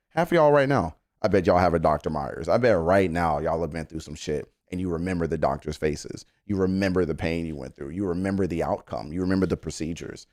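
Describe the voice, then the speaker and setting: Deep-voiced man chatting on a live stream. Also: a little mellow, no echo, clean studio sound. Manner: earnest, rambling, stammering restarts, swears freely. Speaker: music reaction streamer. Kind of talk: casual live-stream chat.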